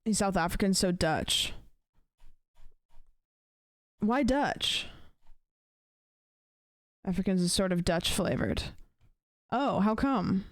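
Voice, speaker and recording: A woman streamer chatting casually with her live viewers, rambling and thinking out loud with lots of fillers. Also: mid-range voice, expressive, slow pace, pauses often, dry recording. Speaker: livestreamer.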